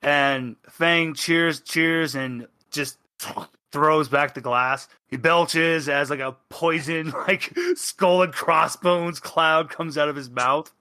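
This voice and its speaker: A man's voice: fairly high pitch, steady tone, takes it slowly, sharp tone, clear, resonant tone. A man narrating as game master of a tabletop game, describing in rambling, filler-heavy bursts.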